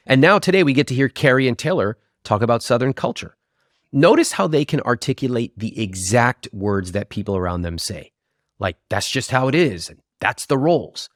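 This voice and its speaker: A man with a low voice addresses his podcast listeners directly in solo commentary. His tone is earnest and appreciative. The recording is dry and close. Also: no echo. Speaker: podcast host.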